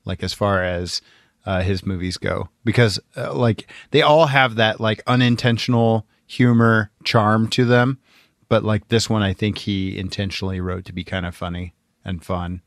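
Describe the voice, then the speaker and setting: A man co-hosting a podcast, talking about movies in a relaxed way with frequent fillers. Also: lowish voice, normal speed, dry recording, clean studio sound. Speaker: podcast co-host. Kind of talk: casual movie discussion.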